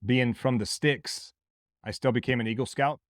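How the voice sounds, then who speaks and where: A man from Mississippi with a Southern accent, hosting a podcast as a blunt, forceful motivational monologue with plenty of swearing. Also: mid-range voice, steady tone, normal speed, no room sound, studio quality. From Mississippi, USA. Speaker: podcast host.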